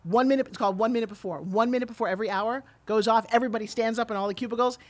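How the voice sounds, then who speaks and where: A middle-aged woman telling her story as a guest on an interview podcast, animated and acting out the quotes. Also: fairly high pitch, no echo. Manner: fast, animated storyteller who acts out quotes. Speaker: guest, TV pitch saleswoman.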